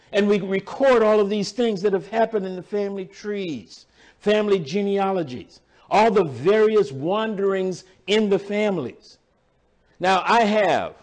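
Older man, sermon, slow deliberate delivery, slightly high voice, repeats words for emphasis. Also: darkish tone. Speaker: preacher.

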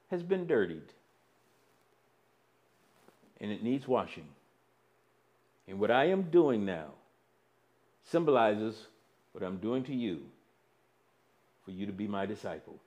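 A man preaching a sermon, slow and deliberate, with dramatic swings between loud emphasis and near-quiet. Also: fairly low pitch, sing-song.

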